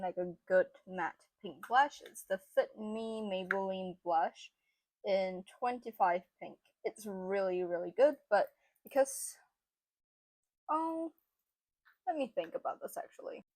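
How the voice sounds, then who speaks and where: A woman's voice: medium pitch, a little mellow, no room sound. A young woman narrating a makeup tutorial in a chatty, casual way, with lots of fillers. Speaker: beauty vlogger.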